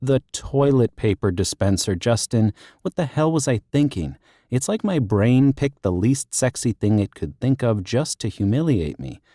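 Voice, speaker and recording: A man's voice: mid-range voice, sing-song, warm tone, dry recording, clean studio sound, pitched above the performer's own voice. A man doing a teary, flustered young woman. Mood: frustrated. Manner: teary, self-deprecating, rushed. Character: anxious young female teacher, flustered and near tears. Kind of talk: audiobook character voice.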